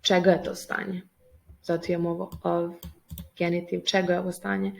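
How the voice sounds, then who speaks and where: A Serbian-speaking woman teaches English grammar, reading a text aloud with hesitation, many fillers, and shifts between languages. Her medium-pitched voice is creaky, her pace moderate, and the recording rough.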